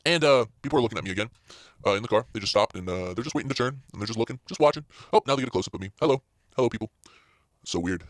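A man's voice: medium pitch, animated, rapid-fire, a bit bright, no echo, studio quality. A man hosting a casual solo podcast from inside a parked car, rambling along with plenty of fillers and restarts. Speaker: podcast host.

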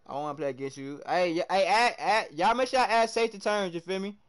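A man's voice: high voice, quick pace. A young man streaming a basketball video game live, chatting to viewers and trash-talking his opponents as he reacts to each play. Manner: animated trash talk, reacting loudly to plays. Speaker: livestreamer. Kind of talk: live gameplay commentary.

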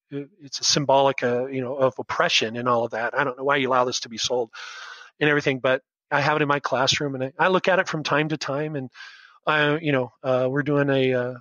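A man's voice: medium pitch, pushed and bright, dry recording, poor audio. A man in his fifties from the United States, a teacher, telling his story as a podcast guest in an earnest, emotional way with many restarts. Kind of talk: casual storytelling interview.

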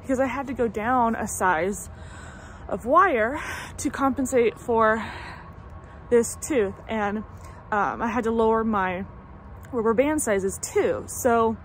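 This vlogger, a woman in her thirties from the United States, talks slowly in a fairly high voice during a casual update at home in summer. She rambles with lots of fillers and restarts, while traffic passes outside and slight background noise is audible.

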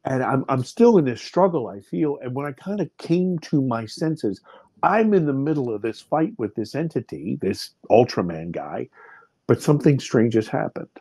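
A man's voice: medium pitch, very animated, normal speed, mellow, breathy edge, no room sound. A man in his fifties, a podcast guest, vividly retelling a personal experience with many restarts. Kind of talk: personal storytelling in an interview.

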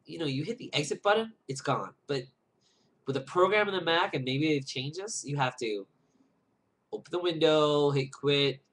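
A man's voice: on the high side, normal speed, a bit bright. A man rambling casually to viewers in a vlog, full of fillers and restarts, chatting while he eats lunch. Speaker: vlogger.

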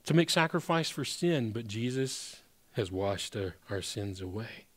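Man preaching with hushed, emphatic turns. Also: mid-range voice, expressive, a little slow. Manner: conversational preaching with sudden emphatic rises and hushed drops; addresses congregation as brothers and sisters. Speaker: pastor. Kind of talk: sermon.

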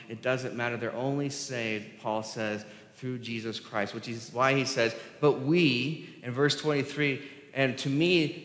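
A man's voice: mid-range voice, fairly bright tone. A male pastor, preaching a sermon in a conversational style that rises for emphasis. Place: church sanctuary. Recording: echoey hall reverb.

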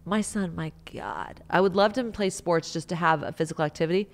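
A woman's voice: lowish voice, fast, few pauses. A woman co-host chatting casually, asking the guest questions and telling family anecdotes. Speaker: podcast co-host. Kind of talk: casual interview chat.

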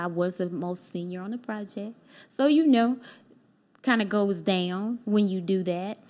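Woman on a podcast telling her story from the heart, acts out what people said, mid-range voice. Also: mid-range voice. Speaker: podcast guest. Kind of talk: personal storytelling in casual conversation.

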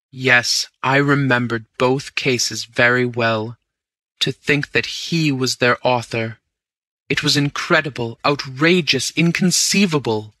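Guy reading an old story, slow measured delivery, totally dry sound. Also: mid-range voice, pushed and bright, dry recording, low-quality recording. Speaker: audiobook narrator. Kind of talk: scripted narration.

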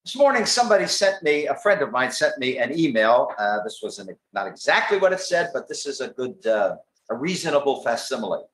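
A man preaching a gospel sermon in a tent meeting, reading scripture aloud with emphatic, lively delivery. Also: medium pitch, fairly quick, poor audio.

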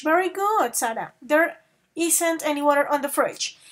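A woman English teacher giving an online grammar class, switching between English and Spanish, calling her students affectionate pet names and reading example sentences slowly. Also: high-pitched, fairly bright tone. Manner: slow, drawn-out model sentences.

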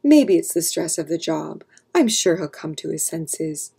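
An outspoken young maid speaks up earnestly and with emphasis, in a mellow, breathy tone, as a woman reading a storybook puts her on. Her voice sits a little higher than the narration. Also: lively intonation, measured pace, full character voice. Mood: gentle. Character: loyal young adult maid and wife, outspoken.

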